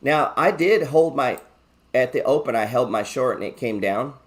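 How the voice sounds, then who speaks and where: A man's voice: medium pitch, lively intonation, moderate pace. A man hosting a live stock market show, chatting casually, joking and swearing freely as he talks through his trades. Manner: reads viewer chat aloud.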